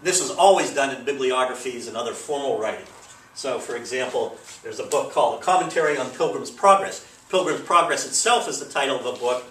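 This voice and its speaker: A man's voice: medium pitch, fairly quick, a bit bright, a little hiss or hum. Man teaching grammar in an echoey room. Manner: loose, rambling explanation with many fillers. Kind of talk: recorded grammar lesson. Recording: echoey room, mic at a distance.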